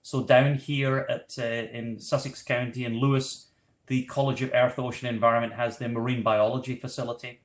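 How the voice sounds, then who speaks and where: A man's voice: medium pitch, little pitch movement, normal speed, echoey room. A man with a Scottish accent giving an online talk about a fellowship program, conversational with frequent fillers. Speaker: program speaker. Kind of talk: online presentation.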